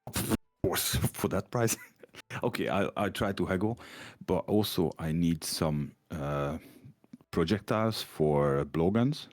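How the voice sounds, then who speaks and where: A man's voice: deep voice, takes it slowly, dry recording, clean studio sound. A man playing a tabletop game, talking in an offhand, curt way with half-whispered asides. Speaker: player. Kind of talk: casual tabletop game chat.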